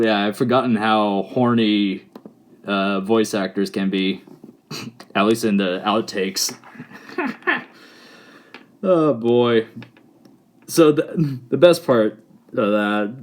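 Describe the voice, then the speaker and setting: A man hosting a reaction video, laughing often and rambling casually as he corrects himself mid-thought. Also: mid-range voice.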